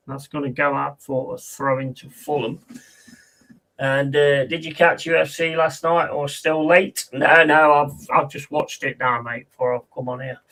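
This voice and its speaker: He has a slightly high, bright voice with a steady, forceful tone and an unhurried pace. As host of a football watch-along, he calls the play casually and chats in a laddish way, reading viewer comments aloud and answering them.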